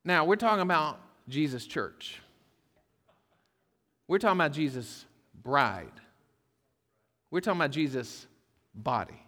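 A man preaches a sermon in a slightly high voice, telling jokes and folksy stories along the way. His words ring out with a long reverb, as in a church hall. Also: lively intonation, unhurried, long pauses, bright, forceful tone. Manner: folksy storytelling with humor. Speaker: pastor.

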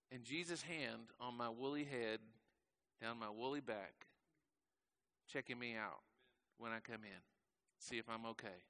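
Bright-voiced man preaching a sermon. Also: mid-range voice. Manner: conversational, asks the congregation questions; slows and drops softly at the ends of phrases. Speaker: pastor.

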